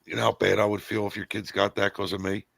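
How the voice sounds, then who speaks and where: Gravelly, husky man in his fifties. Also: lowish voice, little pitch movement, fast talker, a bit bright, dry recording. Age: 50s. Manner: blunt storyteller, swears, acts out quotes. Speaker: podcast co-host. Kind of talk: casual pub-style chat.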